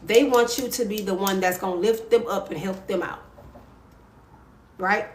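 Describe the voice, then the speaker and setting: A woman's voice: medium pitch, normal speed, roomy sound, slight background noise. A woman with a Louisiana accent hosting a livestream and giving advice in a blunt, sassy, profane way, often tagging on "right?". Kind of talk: casual livestream advice talk.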